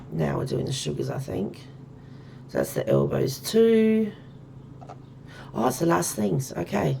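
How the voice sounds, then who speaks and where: Woman, casual game commentary, low pitch, bouncy intonation, faint hiss behind. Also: lively intonation, normal speed, vocal fry, mellow. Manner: chatty, thinks aloud while counting items. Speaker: streamer.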